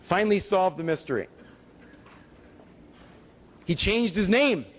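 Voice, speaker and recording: A man giving a public lecture with slides, emphatic, with pitch rising on key words. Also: lively intonation, a little slow. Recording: hall reverb from a lecture room.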